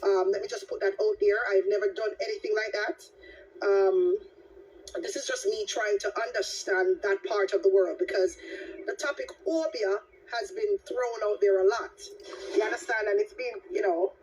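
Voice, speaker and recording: A woman hosting a casual livestream chat, telling her story with lively, dramatic exclamations. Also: medium pitch, moderate pace, lo-fi sound. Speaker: livestream host. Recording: distant mic with background noise.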